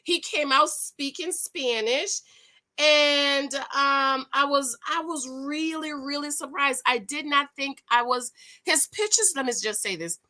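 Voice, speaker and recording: Woman chatting thru a dating show recap, kinda high bright voice, gushy and rambly, keeps correcting herself. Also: slow. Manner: gushing and rambling, with frequent self-corrections. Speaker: reality TV recap vlogger. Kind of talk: casual recap chat.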